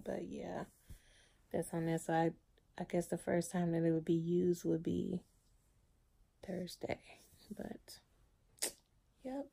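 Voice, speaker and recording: Slow, gravelly-voiced woman vlogger. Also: lowish voice, steady tone, warm tone. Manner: emotional, halting, repeats herself. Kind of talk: personal video diary.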